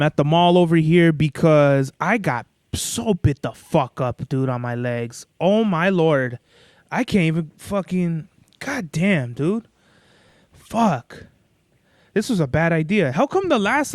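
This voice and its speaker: Smooth-voiced young man rambling casually. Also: a little high, darkish tone, no room sound, clean studio sound. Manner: rambling, profane, laid-back storytelling. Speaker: podcast host. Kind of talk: casual solo podcast monologue.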